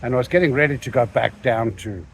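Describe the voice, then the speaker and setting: A man's voice: mid-range voice, fast, slight background noise. An older man, an interview guest who tells stories and acts out the voices of the people in them. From South Africa. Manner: animated, acts out the quoted lines. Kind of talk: anecdotal storytelling.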